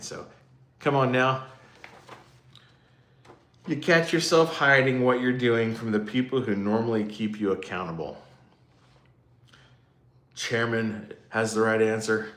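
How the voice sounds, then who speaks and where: A man's voice: fairly low pitch, fairly bright tone, echoey room, slight background noise. A man hosting a casual livestream, chatting loosely with his viewers and poking fun at himself as he rambles. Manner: rambling, self-mocking, chatty with live comments. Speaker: livestream host.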